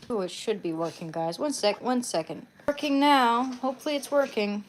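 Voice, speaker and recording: A woman's voice: a little high, normal speed, slight background noise. A young woman live streaming from her bedroom at home, chatting casually into her phone in rambling asides.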